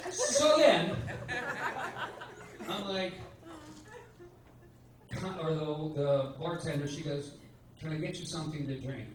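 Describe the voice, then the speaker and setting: A man in his sixties doing a stand-up set, ranting in a profane, exasperated way. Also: high voice. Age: 60s. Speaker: stand-up comedian. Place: comedy club stage. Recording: echoey club from a distance, loud noise.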